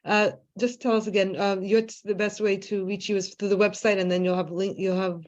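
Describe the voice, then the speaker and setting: A woman's voice: mid-range voice, flat delivery, brisk, darkish tone. Woman, podcast host, supportive, short affirmations, dull lo-fi recording. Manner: supportive, brief affirmations, thinks aloud. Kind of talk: casual interview chat. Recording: dull lo-fi sound.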